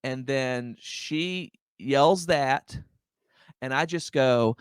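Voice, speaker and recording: A young adult man, a stand-up comedian, telling a story as a podcast guest in an animated, filler-heavy way, often saying "like" and "dude". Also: medium pitch, drawn-out words, smooth, no echo. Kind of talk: casual storytelling chat.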